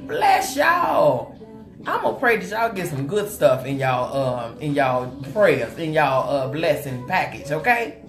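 A lively woman hosts a makeup live stream and chats warmly with her viewers as she works. Her pitch swings widely, though her voice sits a little low. The room is echoey, with faint music playing behind her. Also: normal speed, few pauses. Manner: animated and chatty, greets viewers with terms of endearment. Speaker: host of a live makeup tutorial.

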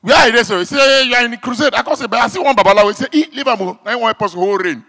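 A male stand-up comedian with a Nigerian Pidgin accent, telling stories in an animated way, shouting sound effects and acting out the people in them. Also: extremely high pitch, racing, gravelly, in a large hall.

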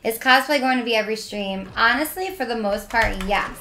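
A bubbly young woman live-streaming a game, her high, bright voice carrying a playful, chatty lilt. She talks at an unhurried pace as she answers her viewers. The sound is roomy, with an echo from the space around her. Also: a little hiss or hum. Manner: bubbly and playful, reads chat aloud.

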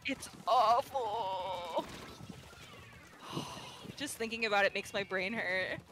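A woman's voice: medium pitch, takes it slowly, a bit bright, a little hiss or hum. A woman guest on a game stream, laid-back in casual chat and swearing now and then.

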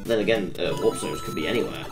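A woman giving excitable, self-mocking commentary while playing a video game, often exclaiming at what happens on screen. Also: a bass voice, quick pace, music in the background. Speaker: gaming YouTuber. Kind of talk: let's-play commentary.

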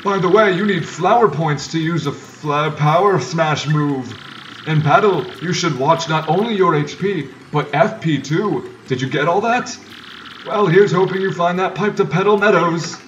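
Man voicing an old Goomba professor, wordy, lecturing, slightly raised pitch, distant mic. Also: moderate pace, dull audio, slight background noise, close to an everyday voice. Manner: long-winded lecturing. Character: fussy shriveled old male Goomba professor. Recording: distant mic with loud game music.

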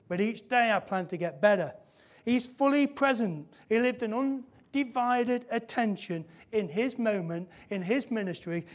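High-voiced man preaching a sermon. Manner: emphatic, repeats key phrases, slows for emphasis. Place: church.

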